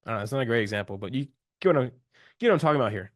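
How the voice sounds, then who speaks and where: A man's voice: medium pitch, lively intonation, racing, no echo, studio quality. A young man coaching on a live call, loose and slangy, talking with enthusiasm and restarting his sentences.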